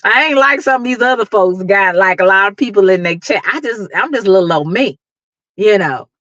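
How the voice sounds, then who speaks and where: A woman's voice: mid-range voice, expressive, brisk, a bit bright, no echo, muffled recording. A middle-aged woman with a Dallas accent, giving an emphatic, preachy motivational talk to her livestream viewers and laughing often. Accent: Dallas, Texas. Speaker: YouTube livestream host.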